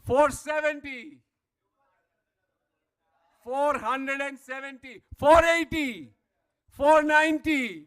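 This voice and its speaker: A man working as auctioneer at a live player auction, calling out bids again and again and pushing the room for more. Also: very high voice. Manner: rapid repetitive bid calling, rising to shouts. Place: event hall.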